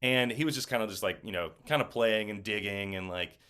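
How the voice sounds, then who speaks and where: A young man with a fairly low voice chats as an interview guest. He tells his stories in an animated, casual way, full of fillers and acted-out quotes. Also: a little fast. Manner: animated storyteller, acts out quotes. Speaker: actor guest.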